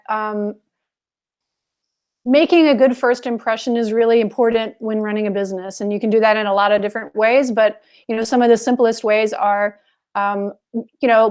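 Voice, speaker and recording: A woman with a somewhat high voice co-hosts a webinar. She explains her points earnestly in a conversational way, often repeating words and using fillers. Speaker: co-host. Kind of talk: casual webinar talk.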